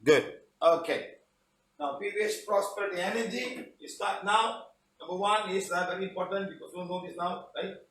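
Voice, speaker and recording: A man's voice: sits high, normal speed, a bit bright, reverberant, recorded from a distance, low-quality recording. A man teaching a live online healing session under a studio spotlight, chatty and often repeating "okay, guys".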